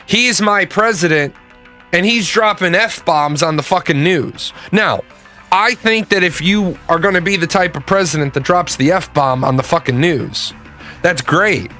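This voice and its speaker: Man, casual political rant, cursing, emphatic, bright tense voice. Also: sits high, measured pace, faint music behind. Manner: blunt, profane, emphatic. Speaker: political commentator.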